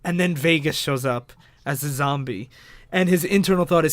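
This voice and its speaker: High-voiced man retelling a comic, dry. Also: normal speed, no echo. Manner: animated retelling, swears freely. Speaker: podcast co-host. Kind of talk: casual chat recapping a comic.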